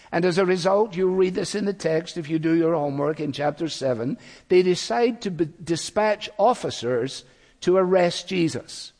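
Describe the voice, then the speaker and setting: A man preaching a sermon, speaking earnestly and slowing down to quote scripture. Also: sits high, darkish tone, big-room sound. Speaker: pastor.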